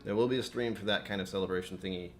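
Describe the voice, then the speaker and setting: A talkative man hosts a casual livestream, his voice sitting low. He chats loosely with his viewers and mutters asides to himself as he tinkers with his settings. Soft music plays faintly behind him. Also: steady tone, racing. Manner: chatty, mutters to himself while fixing settings. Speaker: livestream host. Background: faint background music.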